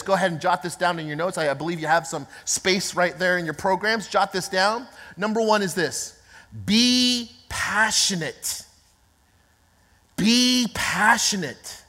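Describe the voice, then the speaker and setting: Emphatic woman preaching in a reverberant hall. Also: lowish voice. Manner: emphatic, repetitive, building to shouts. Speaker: pastor. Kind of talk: sermon. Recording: long reverb of a large hall.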